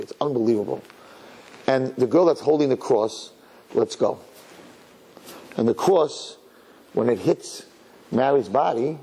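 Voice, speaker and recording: Male rabbi preaching, dramatic storyteller, husky, very expressive pitch. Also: low-quality recording. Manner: animated, dramatic, conversational storytelling. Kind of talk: storytelling sermon.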